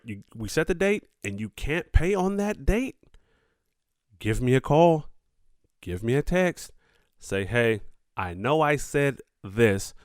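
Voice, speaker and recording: A man's voice: medium pitch, dry recording, clean studio sound. A young man hosting a podcast alone, talking straight to his listeners in a profane, laughing, casual way. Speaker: podcast host. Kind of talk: casual solo podcast monologue.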